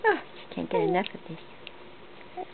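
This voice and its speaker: A woman filming her baby with a handheld camera at home, cooing in sing-song baby talk and laughing often. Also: a little slow. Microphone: handheld home video camera. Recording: tinny lo-fi home video with hiss.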